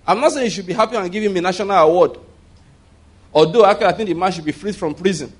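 A man's voice: sits high, fast talker. A man preaching a sermon in a conversational way, asking the congregation rhetorical questions and leading call-and-response.

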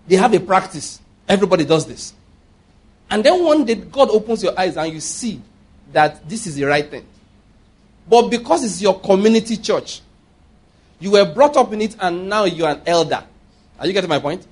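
Husky high-voiced preacher. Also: male voice. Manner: emphatic, asks the congregation rhetorical questions. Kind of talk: sermon.

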